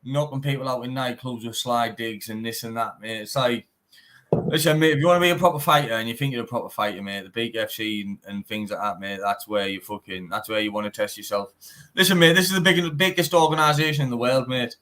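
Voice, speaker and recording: A man's voice: medium pitch, quick pace, fairly bright tone. Man, teesside accent, young adult, bare knuckle fighter, blunt, sweary, casual interview chat. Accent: Teesside English. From England. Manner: blunt, swears often, says "mate" constantly.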